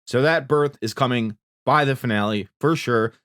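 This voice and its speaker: A man's voice: mid-range voice, moderate pace, a bit bright, clear, resonant tone, no echo. Man, young, casual recap, acts out lines, dry close sound. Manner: retells scenes, acting out characters' lines. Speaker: recap host.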